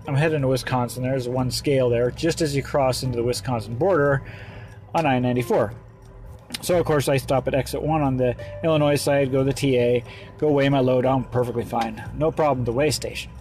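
A man driving a truck, telling a rambling story in casual vlog style with halting restarts. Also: medium pitch, darkish tone, soft background music. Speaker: truck driver. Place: truck stop.

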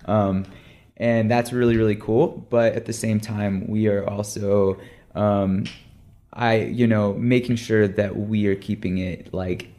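A young man on a podcast, talking about brand work in a hesitant way with many pauses and restarts. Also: on the low side, little pitch movement, dark tone. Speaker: brand lead on content team. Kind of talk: casual podcast chat.

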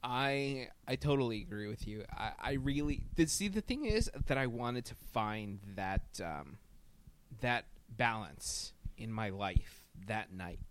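Animated, swearing man on a podcast. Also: mid-range voice, unhurried. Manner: animated, profane storytelling. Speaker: podcast co-host. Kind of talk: casual podcast chat.

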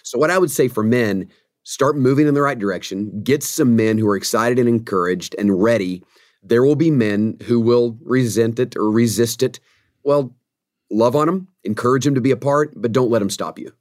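A man's voice: mid-range voice, moderate pace, a little mellow, dry recording, studio quality. A man who is a pastor and author, speaking as a podcast guest in an earnest, preacherly way. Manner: earnest, preacherly, emphatic about conviction. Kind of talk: podcast interview conversation.

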